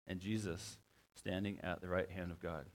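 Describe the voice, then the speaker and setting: A man preaching a sermon as a pastor, halting and often repeating his words. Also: sits low, flat delivery.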